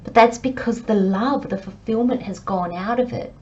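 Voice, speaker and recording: A woman's voice: mid-range voice, moderate pace, darkish tone, highs cut off. A woman giving a channelled tarot reading, talking earnestly and emphatically straight to the listener. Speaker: tarot reader.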